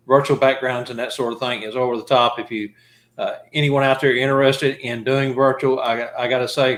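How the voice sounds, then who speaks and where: A male show host with a mid-range voice who talks in an easygoing, halting way. His voice rings out in a roomy, echoing space. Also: medium pitch, fairly bright tone. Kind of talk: casual interview chat.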